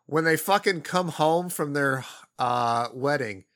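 Bright-voiced man chatting about a movie. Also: a little high, slow pace. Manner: animated, swears freely, laughs while retelling scenes. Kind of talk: casual movie discussion.

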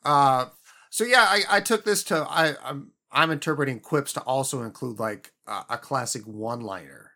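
Bright-voiced man giving film scores. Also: mid-range voice, moderate pace. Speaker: podcast co-host. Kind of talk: casual film-review chat.

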